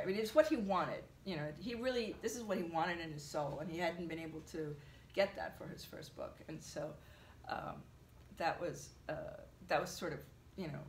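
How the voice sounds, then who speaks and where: A woman being interviewed, telling an animated story with lots of fillers. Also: fairly low pitch, moderate pace, reverberant, a little hiss or hum. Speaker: translator, interviewee. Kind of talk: conversational interview.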